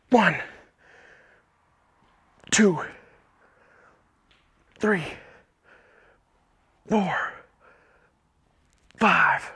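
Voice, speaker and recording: High-voiced young man coaching a workout. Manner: casual, counts reps aloud while exercising; apologetic asides, filler words. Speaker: fitness trainer. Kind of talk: home workout instruction.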